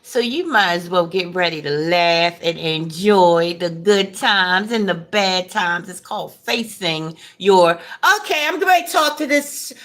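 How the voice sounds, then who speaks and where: A woman vlogger, chatting during a mukbang with a playful, animated delivery and sudden high rises. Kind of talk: mukbang chat.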